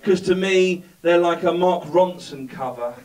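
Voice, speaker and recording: A male stand-up comedian rambles through a sardonic story on a club stage. His voice is a little high and a little slow. The recording picks him up from a distant mic in an echoey room, with background noise.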